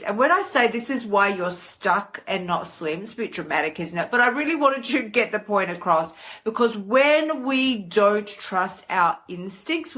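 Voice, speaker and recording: A woman hosting a live stream, talking in a chatty, animated way and leaping into high voices when she acts out her inner thoughts. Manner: chatty and animated, with big pitch swings for acted inner voices. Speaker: host. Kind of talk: casual live-stream monologue.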